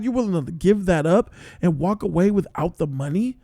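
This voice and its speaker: Guy reviewing a show casual, kinda high voice, swears a lot and gets all worked up, dry sound. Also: fairly quick, few pauses, dry recording. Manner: excitable, profane, rants with loud outbursts.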